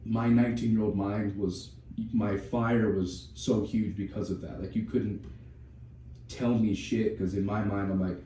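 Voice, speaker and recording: A young man tells a personal story on a podcast, swearing freely and restarting his sentences often. His voice is low and very dark. He sits back from the mic in a strongly echoing room, with faint noise underneath. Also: steady tone, a little slow, far from the mic. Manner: candid, profane storytelling with many restarts. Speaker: podcast co-host.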